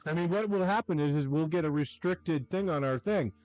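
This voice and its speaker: A man's voice: fairly high pitch, fairly quick, darkish tone, no room sound, muffled recording, soft background music. A man producing and co-hosting a live stream, joking wryly, with some swearing. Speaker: producer and co-host. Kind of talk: casual chat on a live stream.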